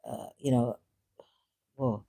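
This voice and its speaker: Her voice rumbles low and mellow, with fairly even intonation. Talking on a live stream in a Sindhi Khoja accent, she rambles and hesitates, often looking for words and dropping into Hindi-Urdu.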